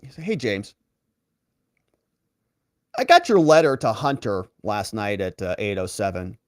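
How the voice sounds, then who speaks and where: A man's voice: lowish voice, unhurried, no room sound, clean studio sound. A man who works as a lawyer, reading political letters aloud and commenting on them with sarcastic, mocking asides. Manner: animated reading of quoted letters.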